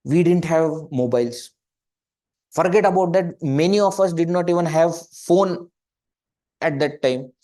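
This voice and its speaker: A man with an Indian English accent, a spiritual teacher giving a conversational webinar talk, animated and full of rhetorical questions and acted-out examples. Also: fairly high pitch, measured pace. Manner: animated, acts out questions and quoted people. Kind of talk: webinar talk on joyful living.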